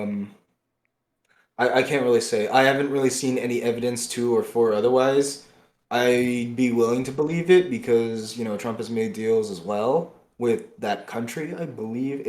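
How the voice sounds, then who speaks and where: A man co-hosting a podcast, ranting angrily about politics, swinging between loud bursts and low muttering, often breaking off and restarting. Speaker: podcast co-host. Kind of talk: heated political podcast rant. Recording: roomy echo.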